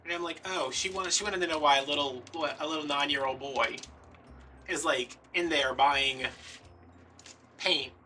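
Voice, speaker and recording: A man's voice: fairly high pitch, moderate pace, pauses often, pushed and bright, distant mic, a little hiss or hum. A man, hosting a craft video and telling rambling, playfully dramatic stories. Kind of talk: casual storytelling while crafting.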